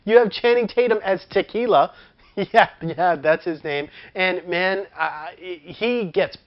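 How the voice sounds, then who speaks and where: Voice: medium pitch, a little slow, dull audio. A film reviewer giving a casual, chatty movie review, laughing often and leaning on fillers.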